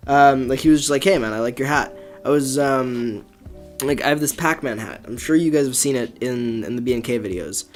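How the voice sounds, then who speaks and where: A man's voice: medium pitch, fairly quick, a little mellow, faint music behind. A young man hosting a casual podcast, rambling through stories with many fillers and restarts and frequent laughter. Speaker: podcast host.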